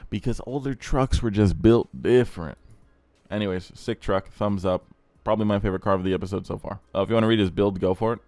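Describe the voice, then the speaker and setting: Young guy, lowish voice, blunt and kinda crude, rambles, dry close sound. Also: quick pace, a little mellow, dry recording. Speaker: car channel host. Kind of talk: casual commentary.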